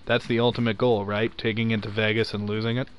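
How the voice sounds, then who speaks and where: A man's voice: fairly low pitch, level tone, quick pace, highs cut off, a little hiss or hum. A young man with a slight Southern accent hosting a casual chat, joking around and laughing often. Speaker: podcast host. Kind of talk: casual chat while gaming.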